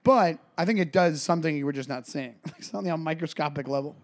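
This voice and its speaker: High-pitched guy in his 40s, podcast co-host, animated storyteller, laughs a lot. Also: quick pace. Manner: animated storyteller, laughs often, acts out voices. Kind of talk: casual chat.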